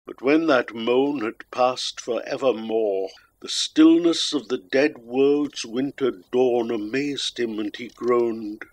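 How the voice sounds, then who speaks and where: Slow, solemn male poetry reader. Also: mid-range voice. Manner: measured, solemn and grave. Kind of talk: slow dramatic poetry reading.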